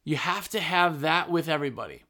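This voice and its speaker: A man who runs a trades business, giving blunt, emphatic business advice in a casual talk and slowing down to stress his points. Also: on the high side, expressive, pushed and bright. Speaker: business owner.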